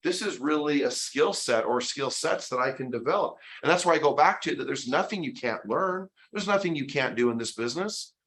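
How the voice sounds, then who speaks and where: A man's voice: on the high side, brisk, few pauses. A man giving an emphatic motivational sales training talk, acting out quoted conversations with clients as he goes. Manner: energetic, emphatic, acts out quoted dialogues. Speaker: real estate sales trainer. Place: training session.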